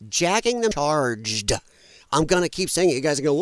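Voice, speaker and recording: A man's voice: fairly high pitch, very animated, a little fast, a bit bright, no room sound. A man hosting a livestream, ranting angrily and bluntly with some profanity while working at his computer. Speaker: livestream host. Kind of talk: heated political livestream rant.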